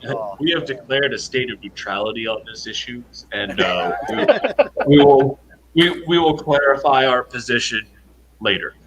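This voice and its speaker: A man on an online panel, joking and swearing in an animated way. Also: mid-range voice, moderate pace, a crowd in the background, rough recording. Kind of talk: casual panel chat.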